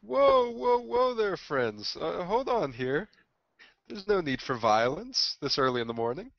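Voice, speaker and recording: A man's voice: sits high, sing-song, unhurried, gravelly, no echo, muffled recording, pitched above the performer's own voice, heavily acted. A man voicing a genial male priest who greets people heartily and soothes them. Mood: soothing. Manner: hearty, soothing, old-fashioned.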